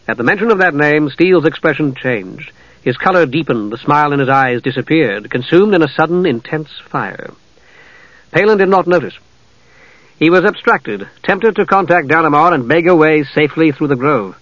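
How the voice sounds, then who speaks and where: A man reading a fantasy novel aloud as an audiobook narrator, steady and even. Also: a little high, a little fast, dry recording, muffled recording.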